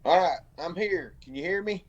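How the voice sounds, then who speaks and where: A man's voice: high voice, animated, lo-fi sound. A man who calls into a podcast and talks casually, stopping and restarting often with many fillers. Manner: halting, full of fillers and restarts. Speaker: caller. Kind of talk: casual chat. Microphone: phone.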